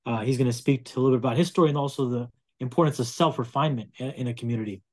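A man on a video call who moderates a panel and introduces the next speaker in a plain way, with pauses and fillers. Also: medium pitch, darkish tone.

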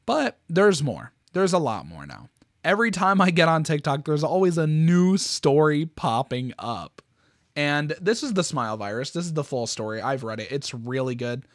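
A man hosting his own channel, chatting excitably through fan horror stories and swearing casually. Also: a little high, normal speed, no room sound, clean studio sound. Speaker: YouTube host. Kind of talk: casual reaction commentary.

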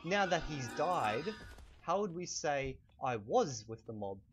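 A man teaching a language lesson while playing a game, speaking softly and keeping his voice low, patiently repeating each phrase slowly. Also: very animated, noisy background. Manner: soft-spoken, kept low. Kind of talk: casual lesson while gaming. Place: home room at night.

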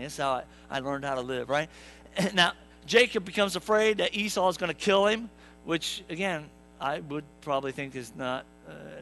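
Youngish guy preaching, high voice, cracks jokes, talks to the crowd a lot. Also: a bit bright, slight background noise, poor audio. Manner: jokey storyteller, acts out characters, asks the congregation. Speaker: pastor. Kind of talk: humorous sermon. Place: church sanctuary.

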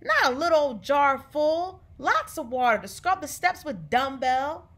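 A bossy, bold girl of about ten snaps orders in a sharp dialect, as a woman reads her part. Her high voice leaps around with every scolding. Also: big pitch swings, unhurried, heavily acted.

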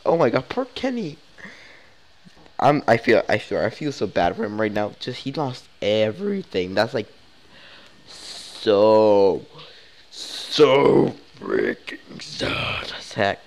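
A man's voice: fairly low pitch, wildly swooping pitch, slow pace, gravelly, slight background noise. A young man giving casual, emotional commentary over a video game, rambling and exclaiming often. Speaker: let's play gamer.

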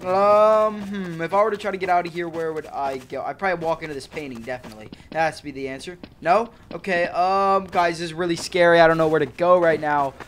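A gaming video host giving excitable let's-play commentary, chatty and full of slang. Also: mid-range voice, fast, hardly any pauses, slight background noise.

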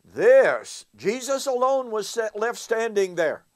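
A man teaches scripture in a high, measured voice. He takes his time and presses each point with emphasis. He keeps checking in with rhetorical questions. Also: big pitch swings. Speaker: Bible teacher. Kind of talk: recorded Bible teaching.

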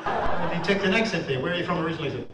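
A man's voice: fairly high pitch, racing. A man performing a comedy magic act, teasing and joking with the audience and laughing at his own gags. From Australia. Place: corporate event venue. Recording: live show with loud crowd and noise. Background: loud audience laughter and chatter.

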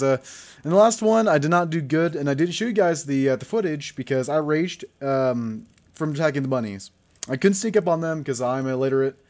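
A young man hosting a let's play, rambling and self-mocking as he talks over his game, jumpy and easily excited. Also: a little high. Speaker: gaming channel host.

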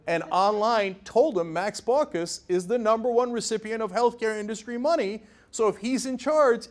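A man in his forties tells his story with a high, lively voice that swoops up and down. He is sarcastic and emphatic, tossing in quick mock impressions of other people. It sounds like a talk given to an audience. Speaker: show founder and host giving a talk.

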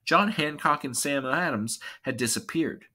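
Teacher, male, bright voice, lively read-aloud of a history lesson. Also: on the high side, normal speed. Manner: expressive storybook reading, acts out quoted shouts.

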